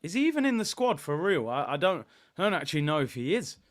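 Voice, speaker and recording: A young man hosting a live football watchalong, chatting casually and getting loud and excited during attacks. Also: a little high, fast. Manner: excitable, shouts during attacks, chats with viewers. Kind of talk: casual live match commentary and chat.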